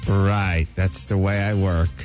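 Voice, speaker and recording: A man hosting a talk show, chatting dryly with filler pauses. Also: sits low, flat delivery, lo-fi sound, over music. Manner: dry, self-mocking, with filler pauses. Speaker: radio host. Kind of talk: casual chat.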